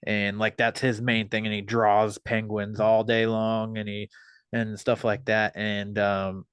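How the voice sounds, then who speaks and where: A man hosting a podcast, chatting casually and relaxed, laughing and swearing freely. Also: lowish voice, measured pace, clean tone, no room sound, dull audio. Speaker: podcast host. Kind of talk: casual chat.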